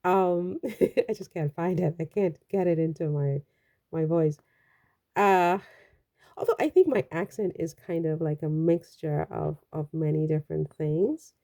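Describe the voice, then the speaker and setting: Woman from the Caribbean, slow-paced vlog commentary, very dark mellow tone, rambling and chatty. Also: low-pitched. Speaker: royal news vlogger.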